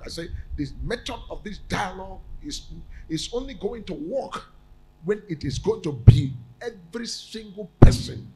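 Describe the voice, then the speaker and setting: A man's voice: sits high, gravelly, dark tone, slight background noise, low-quality recording. A man preaching as a prophet, pressing each point through repeated phrases, now and then stalling on a word before pushing on. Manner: emphatic repetition with stammered restarts. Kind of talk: sermon.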